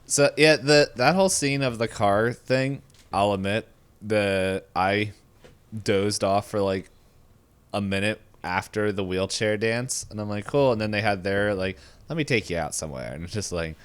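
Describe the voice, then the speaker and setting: Podcast co-host, man, deep resonant voice, relaxed joking delivery. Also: moderate pace, clean tone. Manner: laid-back, joking, rambling. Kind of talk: casual film discussion.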